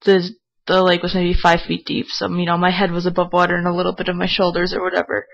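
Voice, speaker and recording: A young woman casually telling a personal story, chatty and lively, recorded on a dull, lo-fi mic. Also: lowish voice, quick pace, vocal fry. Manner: chatty, animated when quoting herself yelling.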